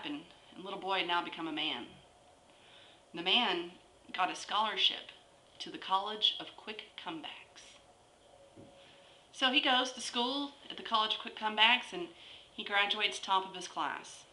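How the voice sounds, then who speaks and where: A woman telling a long shaggy-dog joke as a story, with drawn-out pauses between phrases. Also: on the low side, sharp tone, slight background noise. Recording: echoey room with faint ambience.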